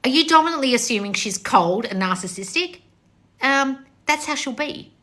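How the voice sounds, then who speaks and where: A woman's voice: sits high, lively intonation, moderate pace, sharp tone. A woman coach hosting a live-stream Q&A on her phone, bluntly answering viewer comments with frequent swearing and laughter. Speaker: manifestation coach.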